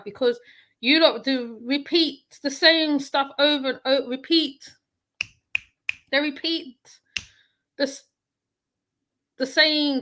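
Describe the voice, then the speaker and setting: A woman's voice: fairly high pitch, pushed and bright. Blunt, rambling woman reacting to a clip. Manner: blunt, rambling, repeats herself. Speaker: reaction commentator. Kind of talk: casual reaction commentary.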